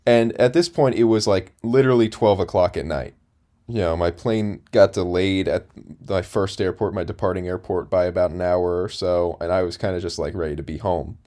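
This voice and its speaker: A man's voice: low voice, moderate pace, dark tone. A man in his twenties telling a long story in a casual chat, rambling with lots of fillers and restarts. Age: 20s. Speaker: podcast co-host.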